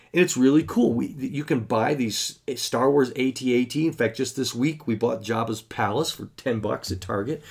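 A man in his thirties hosting a podcast, talking in a casual, rambling way with many fillers. He sounds chatty, enthusiastic and self-deprecating. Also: mid-range voice. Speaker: podcast host.

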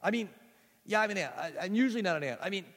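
An excitable young boy in ant form, stammering and tripping over his words, as a man puts him on, pitched high above his own voice. He sounds loud and breathless, and the sound rings with a long echo like a big hall. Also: racing. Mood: flustered. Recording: echoey hall.

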